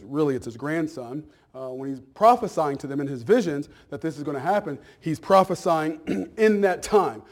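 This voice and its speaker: A man's voice: a little high, a little mellow. A man preaching a sermon as pastor in a church, talking in a folksy, conversational way, repeating words and checking in with his listeners. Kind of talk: sermon and Bible class announcements.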